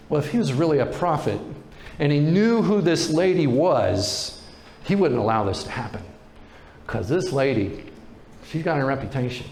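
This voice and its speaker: Brief: male pastor, conversational storytelling sermon, higher register, echoey church hall, faint room hiss. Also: expressive, normal speed, a little mellow.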